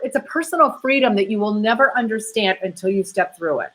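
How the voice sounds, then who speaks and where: A woman's voice: medium pitch, fast talker, fairly bright tone, low-quality recording. A woman hosting a casual live chat about her event, gushing with praise and swearing freely. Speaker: event organizer and host. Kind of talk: casual conversation, live stream.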